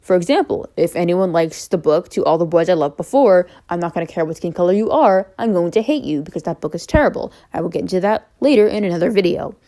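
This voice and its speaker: Mellow-voiced young woman vlogging candidly. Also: fairly low pitch, lively intonation, fast, few pauses. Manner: rambling, frequent fillers, candid. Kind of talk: unscripted personal talk to camera.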